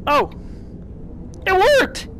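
A man voicing a nervous, goofy male frog puppet in a high, thin, nasal voice, commenting jokily and in a panic while he plays in character. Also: very animated, extremely slow, fairly bright tone, a little hiss or hum, exaggerated voice. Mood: scared. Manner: panicky, jokey, blurts out beep-boop noises. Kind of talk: in-character let's play commentary.

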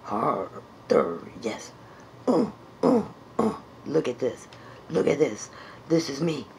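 A woman's voice: very deep voice, very animated, slow, creaky, darkish tone, slight background noise, heavily acted. Woman doing shy blue furry puppet. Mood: playful. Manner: unsure, playful, searching for a voice. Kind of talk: improvised puppet comedy.

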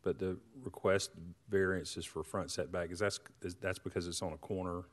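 A man on a city board asking clarifying questions at a public meeting, halting and restarting as he goes. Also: sits low, little pitch movement, long reverb tail. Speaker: board member.

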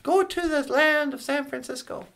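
Kermit, a high creaky frog. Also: male voice, moderate pace, a bit bright, exaggerated voice. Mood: joking. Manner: rambling storyteller with restarts and asides. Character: cheerful rambling male frog puppet. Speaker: caller telling a joke. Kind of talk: comedic call-in impression.

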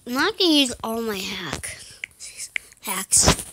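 A woman giving casual let's-play commentary while she plays, muttering to herself, slipping into whispers and breaking into sudden excited outbursts. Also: fairly high pitch, takes it slowly, background noise.

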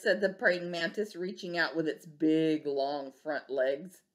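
A woman preschool teacher reading a picture book aloud to young children, gentle and expressive, asking them questions. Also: fairly low pitch, a little slow.

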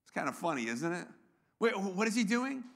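Man, pastor, high voice, bright tone, playful sermon, asks the crowd questions. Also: sing-song, fairly quick, gravelly. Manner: playful, engages congregation with questions. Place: church.

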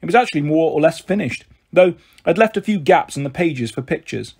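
A man reading a children's book aloud with steady, expressive narration. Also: fairly high pitch, fairly quick, gravelly, breathy edge. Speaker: storyteller.

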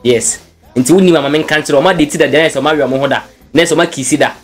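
A man's voice: fairly high pitch, racing, soft background music. Chatty Ghanaian man hosting a blog show. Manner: chatty, switches freely between languages. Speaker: news blog host. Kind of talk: casual commentary mixing English and Twi.

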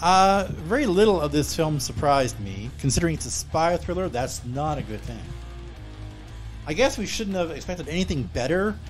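A man's voice: on the high side, animated, normal speed, soft background music. A man reviewing a film on a podcast, laid-back and jokey in casual chat.

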